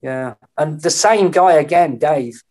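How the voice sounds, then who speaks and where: A middle-aged man, a podcast guest telling lively anecdotes in casual conversation and acting out the voices he quotes. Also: a little high, a little slow. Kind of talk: storytelling in a casual interview.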